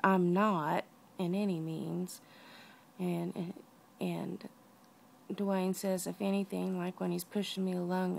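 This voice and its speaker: Tired, gravelly woman speaking slowly and breathlessly. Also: on the low side, a little hiss or hum. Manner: tired, soft-spoken, often drops to a whisper. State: weak and out of breath. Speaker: vlogger. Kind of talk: personal video diary. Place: lying down at home.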